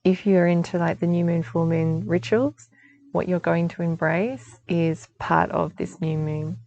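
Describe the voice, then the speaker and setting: A woman's voice: on the low side, fairly even intonation, measured pace, vocal fry, dark tone, highs cut off, a little hiss or hum. A woman giving a chatty spiritual guidance talk outdoors, reassuring and laughing often. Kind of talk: casual spiritual forecast talk.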